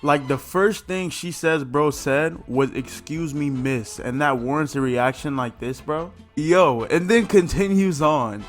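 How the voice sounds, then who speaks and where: A man's voice: a little high, measured pace, few pauses, soft background music. A man hosting a reaction video, talking in a blunt, mocking, slangy way. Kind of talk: casual reaction commentary.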